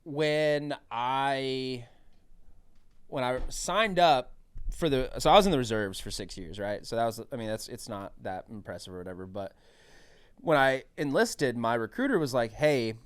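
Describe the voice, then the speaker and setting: Animated young man telling stories in casual chat. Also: medium pitch, moderate pace, clean tone, dry recording. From New Mexico. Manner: animated, swearing, acts out other people's voices. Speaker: guest comedian. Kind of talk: casual podcast storytelling.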